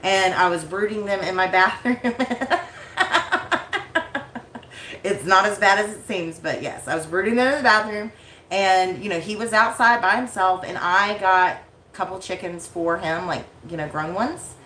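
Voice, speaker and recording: A woman with a bright, sharp voice chats to her livestream viewers in a loose, animated way. She laughs often and keeps dropping "like" and "you know." Her voice bounces around an echoey room at home. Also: medium pitch, normal speed, a little hiss or hum. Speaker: livestream host of a yarn channel. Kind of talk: casual storytelling to viewers.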